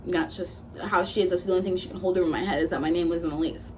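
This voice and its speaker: A woman's voice: fairly low pitch, fairly even intonation, very fast, a little mellow, a little hiss or hum. A woman in her twenties telling a storytime vlog, blunt and profane, retelling arguments with quoted back-and-forth. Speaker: vlogger. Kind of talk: casual storytime rant.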